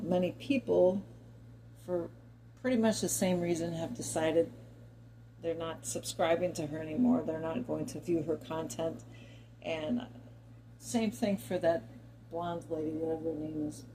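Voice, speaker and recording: Middle-aged american woman ranting to camera, mellow low-key tone, wanders off topic, little bit of room hum behind her. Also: fairly even intonation, a little slow, rough recording. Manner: chatty and digressive, talks directly to viewers. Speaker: commentary vlogger. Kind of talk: opinion monologue to camera.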